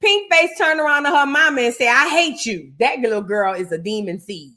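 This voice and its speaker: A woman's voice: a little high, brisk, pushed and bright. A woman hosting a reaction show, giving blunt, gossipy commentary on a clip. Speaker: host.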